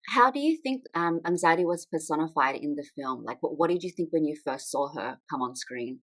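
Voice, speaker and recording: A woman's voice: low-pitched, expressive, fairly quick, no room sound, poor audio. A woman hosting a podcast, asking curious follow-up questions. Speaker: podcast host. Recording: dry podcast audio.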